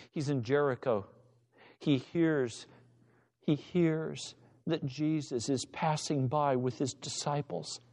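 A male pastor preaching a sermon with passion, acting out the voices of the people in his story. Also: medium pitch. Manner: impassioned preacher, acts out shouting voices.

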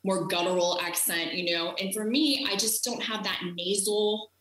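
A woman's voice: mid-range voice, moderate pace, fairly bright tone. American woman chatting in an echoey room. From United States. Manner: chatty, frequent fillers and restarts. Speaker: podcast guest. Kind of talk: casual conversation.

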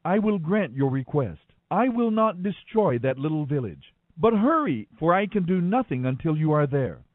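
A man's voice: on the high side, very animated, moderate pace, dry recording, narrow, tinny audio. A man reading scripture, voicing stern male angels who give urgent commands.

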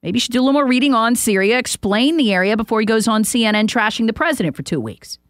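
A woman's voice: on the high side, expressive, quick pace, no room sound, studio quality. A woman hosting a talk show, delivering an emphatic, opinionated and mocking political monologue. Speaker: talk radio host.

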